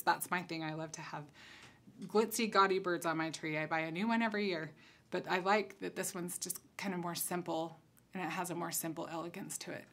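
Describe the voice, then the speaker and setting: A woman giving a casual craft tutorial, chatting and thinking aloud as she works at her table. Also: on the low side. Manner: chatty, relaxed, thinks aloud while working. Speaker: concept designer demonstrating crafts.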